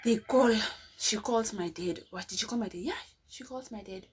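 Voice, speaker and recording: Animated young woman telling a story. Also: on the high side, normal speed, husky. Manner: animated, rhetorical, dramatic. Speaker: vlogger. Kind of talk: storytime vlog.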